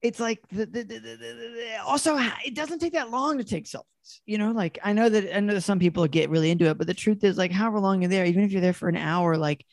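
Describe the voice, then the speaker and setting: A young man riffs in a loose, comic chat, stumbling through restarts and laughing at his own jokes. His voice sits fairly high, and it sounds dry and close with no room around it. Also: steady tone, quick pace, gravelly, hardly any pauses, a little mellow, no room sound. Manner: rambling, laughs often, many restarts. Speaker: podcast host. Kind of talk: casual comedic chat.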